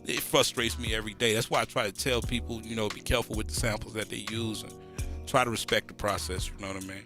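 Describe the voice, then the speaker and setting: A man's voice: lowish voice, steady tone, quick pace, over music. A man with a Southern American accent, co-hosting a casual podcast, joking and slangy. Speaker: podcast co-host. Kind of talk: casual chat.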